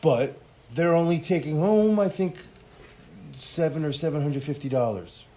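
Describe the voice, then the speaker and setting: A young adult man in a casual interview, speaking in an easygoing, measured way with many "you know" fillers. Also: a little high, mellow. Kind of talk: casual conversation.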